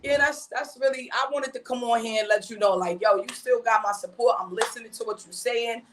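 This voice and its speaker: A woman with a high voice talks in a casual podcast chat. She is emphatic and full of street slang, and she keeps circling back with "you know what I mean". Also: fairly quick, background noise. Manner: animated, emphatic storytelling. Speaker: mother and podcast guest.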